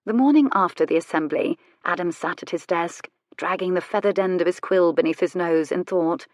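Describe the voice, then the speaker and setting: A woman narrating a romance audiobook in a measured storytelling voice, sharpening into crisp retorts for the heroine. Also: fairly low pitch, no echo, studio quality. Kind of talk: scripted narration.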